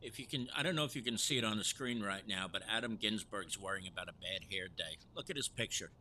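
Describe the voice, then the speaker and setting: A man's voice: lowish voice, fast talker, sharp tone, poor audio. A man hosting a casual live interview, reading viewer questions in a chatty, friendly way with teasing asides. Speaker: show host.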